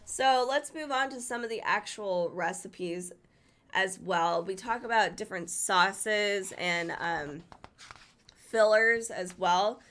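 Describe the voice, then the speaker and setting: A woman with a mid-range, fairly bright voice speaks slowly as she casually flips through a cookbook to review it. She's chatty and enthusiastic, stumbling over the foreign dish names.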